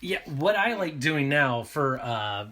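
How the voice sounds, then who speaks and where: A man's voice: mid-range voice, sing-song, slow pace, sharp tone. A man in his thirties, a podcast cast member, chatting casually in an upbeat way, with many hesitations and restarts. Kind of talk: casual chat.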